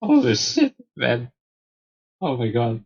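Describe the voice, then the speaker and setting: Female let's play host, slow husky delivery, incredulous laughing commentary. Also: very deep voice, wildly swooping pitch, darkish tone, muffled recording. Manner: incredulous, laughing, repeating "what?". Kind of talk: game commentary.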